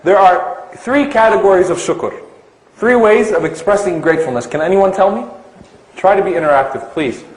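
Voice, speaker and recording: A man's voice: high-pitched, moderate pace, roomy sound, rough recording. A man giving an Islamic lecture to a live audience, asking them questions and stretching out key terms for emphasis.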